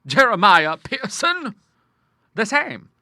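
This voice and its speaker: A grim, stern older woman, full of scorn, her voice pitched high and bright, as a male audiobook reader puts her on. She speaks with sharp, emphatic force and a lively lilt. The recording is close and dry. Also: slow, no room sound, exaggerated voice. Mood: vehement. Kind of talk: audiobook character voice.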